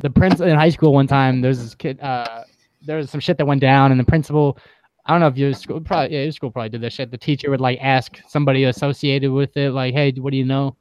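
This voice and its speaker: A man's voice: medium pitch, steady tone, quick pace, darkish tone, clear, resonant tone, no room sound. A young man joking and telling stories in casual podcast chat, heavy on slang.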